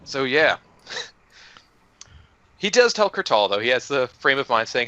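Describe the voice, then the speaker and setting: A man's voice: mid-range voice, big pitch swings, unhurried, long pauses, pushed and bright, no room sound. A man casually recapping a tabletop game session for his group, joking loosely and swearing now and then. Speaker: player recapping the last session. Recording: dull lo-fi audio.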